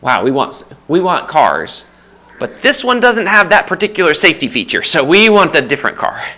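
A man's voice: a little high, moderate pace. A man from the United States preaching a sermon in a conversational way, building emphasis through repetition. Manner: lively, rising for emphasis, repeats phrases; conversational with restarts and light laughs.

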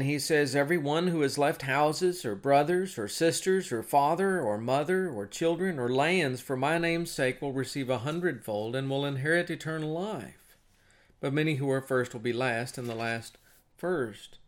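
A man reading a Bible passage aloud and then explaining it in a plain, conversational teaching sermon. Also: mid-range voice. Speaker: preacher.

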